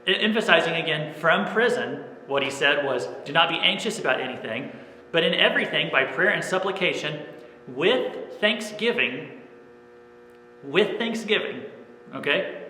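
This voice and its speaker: A man's voice: fairly high pitch, lively intonation, fairly quick, pushed and bright, a little hiss or hum. Earnest male pastor in echoey room. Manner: earnest, repeats "okay?" often. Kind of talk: sermon. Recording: echoey room with long reverb.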